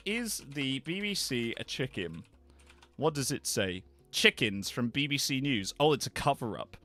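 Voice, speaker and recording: A British man chats playfully on a live stream, rambling and often trailing off into mumbles. His voice sits high with a sharp tone, and there's no echo.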